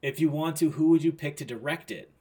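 A man's voice: a little high, fast talker, warm tone. A man co-hosting a casual movie podcast, rambling and correcting himself, swearing freely. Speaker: podcast co-host.

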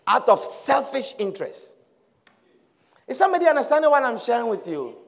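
A man's voice: extremely high pitch, very animated, a little fast, creaky, long pauses. A male pastor preaching a sermon emphatically, repeating phrases and asking listeners if they understand. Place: church hall. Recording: long hall reverb.

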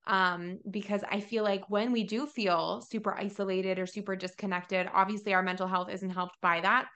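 Woman podcast host; bright, forceful tone, casual and rambling delivery. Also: medium pitch, fairly even intonation, normal speed. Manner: chatty, rambling, heavy use of "like". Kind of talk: casual faith podcast chat.

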